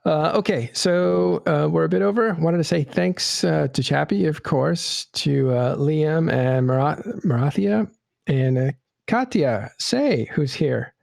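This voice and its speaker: A man hosting a casual interview show, talking in a halting way with many fillers. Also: a little high, lively intonation, gravelly, a little mellow, dry recording, clean studio sound. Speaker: podcast host.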